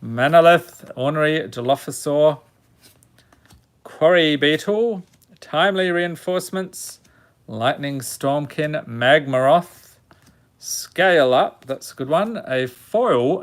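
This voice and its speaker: A man's voice: fairly high pitch, a bit bright. A man hosting a live stream, reading out card names one at a time and joking with his viewers in casual chat. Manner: reads item names one by one, jokes with viewers.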